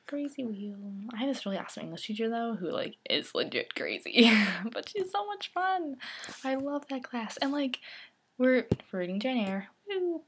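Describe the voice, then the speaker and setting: A woman's voice: a little high, husky. A teenage girl vlogging casually to her camera, rambling and giggly, often dropping into a whisper. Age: teens.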